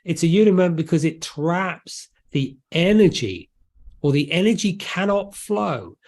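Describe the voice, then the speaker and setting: Animated, joking man. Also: high-pitched, unhurried. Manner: animated, jokey, restarts and asides. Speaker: author and guest. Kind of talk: casual interview explanation.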